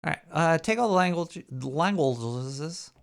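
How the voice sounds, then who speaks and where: A man hosting a live show, rambling and joking as he thinks out loud. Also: fairly high pitch, expressive, a little slow, gravelly. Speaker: show host. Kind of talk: casual live show banter.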